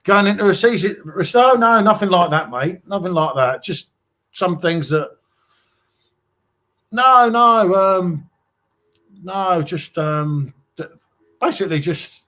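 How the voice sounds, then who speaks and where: A man's voice: on the high side, a little slow, fairly bright tone. A man with an English accent hosting a live stream, chatting casually and reading out viewer comments, calling everyone mate. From England. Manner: chatty, reads viewer comments aloud, calls people mate.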